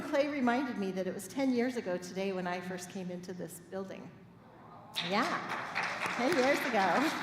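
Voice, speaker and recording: A middle-aged woman minister preaching a sermon, telling personal stories in a lively, playful way and laughing with the congregation. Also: mid-range voice. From Midwest United States. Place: church sanctuary. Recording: echoey hall with faint room noise.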